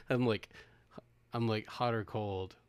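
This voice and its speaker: Middle-aged male podcast co-host, low voice, easygoing and self-deprecating, loose rambling delivery. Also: very animated, slow pace, smooth, no echo. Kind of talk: casual podcast chat.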